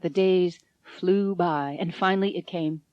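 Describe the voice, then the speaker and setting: A woman's voice: lowish voice, steady tone, measured pace, no echo, highs cut off. Woman narrating an audiobook, dry studio sound. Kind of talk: scripted narration.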